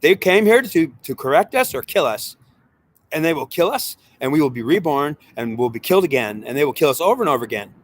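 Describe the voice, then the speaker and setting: Man, fairly high voice, heated spiritual monologue, agitated, rambling, repetitive. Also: very animated, brisk.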